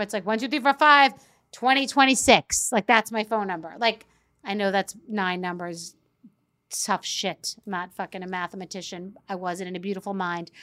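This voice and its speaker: Bright-voiced, profane woman in her fifties. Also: mid-range voice. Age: 50s. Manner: animated, profane, quick to act out quotes. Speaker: social media personality. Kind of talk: profane comedic rant to camera.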